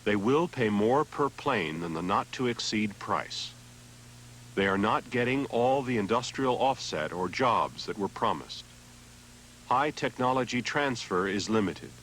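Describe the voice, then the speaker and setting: A man reading scripted documentary narration in an even, measured way. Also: on the low side, slight background noise, low-quality recording.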